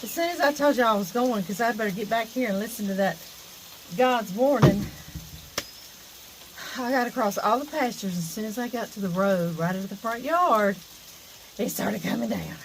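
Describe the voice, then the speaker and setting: With background noise in the audio, a Louisiana-born middle-aged woman speaks in a medium-pitched voice with lively intonation at a moderate pace. Her Southern accent comes through as she walks outdoors filming on her phone, from a pasture to a porch, laughing often and chatting folksily for her vlog.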